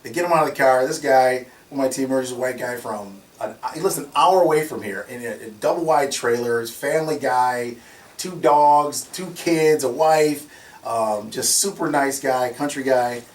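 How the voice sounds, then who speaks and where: Laughing frequently as he spins his stories, an animated man who owns a security company talks at a medium pitch and a moderate pace. The recording sounds roomy and distant, with a faint hiss of noise.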